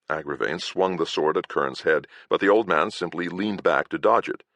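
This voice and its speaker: A man's voice: low-pitched, normal speed, few pauses, fairly bright tone, no room sound. A man reading a first-person fantasy audiobook, with a wry storytelling manner. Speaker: audiobook narrator.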